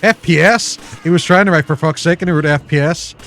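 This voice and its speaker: A man's voice: on the high side, a little fast, a bit bright, slight background noise. A young man chatting casually on a co-op gaming stream, joking, swearing and telling rambling stories. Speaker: guest co-op player.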